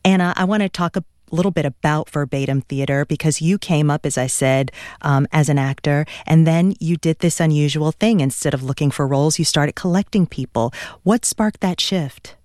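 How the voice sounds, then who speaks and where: Measured radio host, dry studio mic. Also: medium pitch, a little mellow, no echo. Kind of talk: scripted intro and interview questions.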